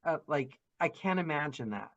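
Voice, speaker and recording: A woman's voice: low-pitched, lively intonation, dull audio, over a noisy crowd. A woman hosting a podcast in casual conversation, jumping in with encouraging remarks and questions. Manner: encouraging, quick interjections and questions. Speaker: podcast host.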